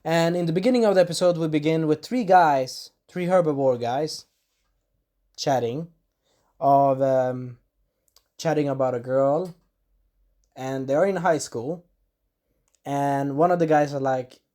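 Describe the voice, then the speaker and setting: A man's voice: a little high, a little slow, long pauses, warm tone. Rambling man recapping an anime episode. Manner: rambling, loose storytelling, acts out the quotes. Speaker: anime reviewer.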